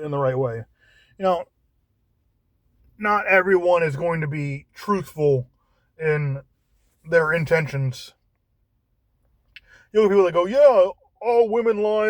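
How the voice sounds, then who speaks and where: A man talking in a casual monologue, halting and often repeating words as he searches for how to phrase things. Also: a little high, no room sound.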